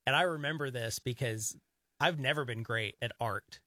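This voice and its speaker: A man co-hosting a radio talk show, telling animated, rambling stories in casual chat. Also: medium pitch, moderate pace, no echo, studio quality. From grew up in the countryside.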